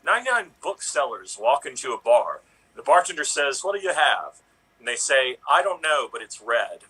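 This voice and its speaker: Husky man with a lively voice. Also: medium pitch, normal speed, rough recording. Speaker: improv performer. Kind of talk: telling one-line joke setups.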